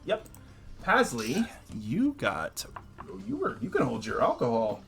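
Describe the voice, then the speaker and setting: A man narrating as game master in a relaxed way, with many fillers and chuckles. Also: medium pitch, unhurried, gravelly, faint music behind.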